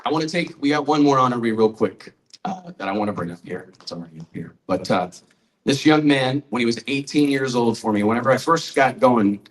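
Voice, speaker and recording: At a press conference in a trade show event hall, a man in his forties who publishes a magazine presents honorees, telling a story conversationally and quoting people. His voice is medium-pitched with lively intonation and a brisk pace, recorded from a distance in a rough recording.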